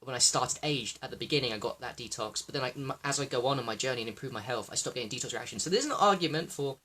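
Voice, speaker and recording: A man hosting a livestream, rambling excitably, swearing freely and talking to viewers by name. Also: mid-range voice, quick pace, breathy edge. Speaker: livestream host.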